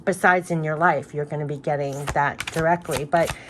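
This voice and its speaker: A woman's voice: sits low, steady tone, moderate pace, noisy background. A woman giving an oracle card reading to her viewers, effusive and emphatic, often repeating key phrases.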